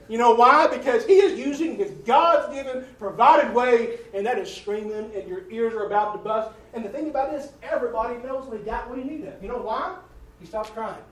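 A man preaching a sermon in a folksy storytelling way, swinging from loud to hushed. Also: extremely high pitch, brisk. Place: church sanctuary. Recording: echoey room heard from a distance.

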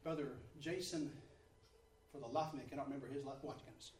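A man preaching a sermon, telling stories that build to fervent shouting, in a large church hall on a distant microphone. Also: mid-range voice, steady tone, quick pace, a little hiss or hum. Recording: echoey hall from far off.

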